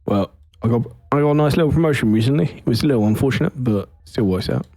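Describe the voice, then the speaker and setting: A man's voice: medium pitch, animated, fast talker, dark tone. A man playing a tabletop role-playing game, answering in a laid-back, easygoing way. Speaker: player. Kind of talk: casual tabletop play chat.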